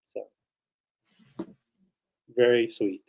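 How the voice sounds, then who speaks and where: A man's voice: medium pitch, steady tone, drawn-out words, vocal fry, muffled recording. A man co-hosting a live online vintage sale, chatty and rambling, showing items and thanking viewers. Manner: chatty, rambling with fillers, emotional. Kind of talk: live online auction chat.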